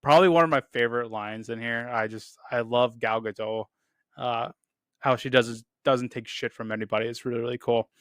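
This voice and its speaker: Bright, clear-voiced male film reviewer. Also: mid-range voice, fairly even intonation, brisk, no echo, studio quality. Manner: enthusiastic, repeats "really, really"; quotes lines in a loose put-on delivery. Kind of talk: casual movie review talk.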